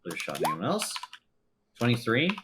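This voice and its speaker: A man's voice: mid-range voice, wildly swooping pitch, normal speed, noisy background. A man running a tabletop game as game master, narrating loosely with lots of fillers and laughs.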